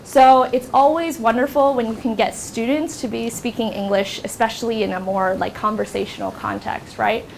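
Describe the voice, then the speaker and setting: In a university classroom, a young adult workshop instructor from the United States gives a casual lecture, her speech packed with ums and likes. She talks at normal speed with hardly any pauses, in a steady, creaky, slightly high voice, and a little hiss or hum can be heard.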